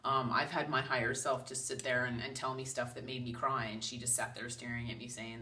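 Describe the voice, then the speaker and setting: A woman's voice: very deep voice, normal speed, hardly any pauses, fairly bright tone, recorded from a distance. A woman, a psychic medium, giving a casual, chatty spiritual talk and acting out quoted voices.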